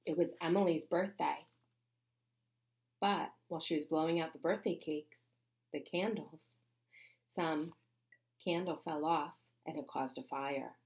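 A woman reading a children's chapter book aloud in an expressive, playful way. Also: low voice, unhurried, long pauses. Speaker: reader.

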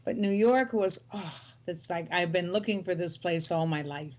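A woman's voice: lowish voice, normal speed, muffled recording. An older woman, a guest in a casual conversation, speaking in a reflective, wry way.

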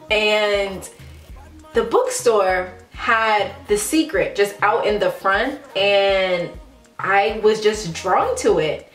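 Chatty woman vlogging in a roomy space. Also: medium pitch. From United States, Ghanaian family. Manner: chatty and candid, many "like" fillers. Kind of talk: casual confessional vlog. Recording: roomy echo, faint background music.

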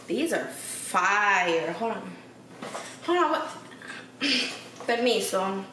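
This vlogger speaks at medium pitch, slowly and with frequent pauses, her intonation lively and her tone bright and forceful. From home, she chats casually and sassily with her viewers, using lots of slang. There's noise and echo, and she's distant from the mic.

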